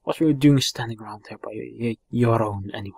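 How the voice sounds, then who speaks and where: A man voicing a rough, bossy middle-aged man who talks in blunt slang. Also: mid-range voice, fast, darkish tone, dry recording. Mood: gruff.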